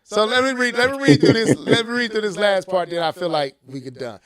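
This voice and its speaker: Animated high-voiced male podcast host. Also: fairly quick, over a noisy crowd. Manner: animated, rises to shouting when worked up. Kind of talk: casual gaming podcast chat.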